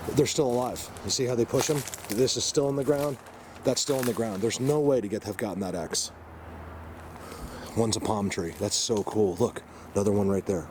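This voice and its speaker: A man vlogging on a handheld camera outdoors in the woods, rambling excitedly and talking to his viewers. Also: on the low side. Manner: excitable, rambling, addresses viewers as you guys. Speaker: Bigfoot hunter vlogger. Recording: noisy outdoor camera audio. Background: birds and outdoor ambience.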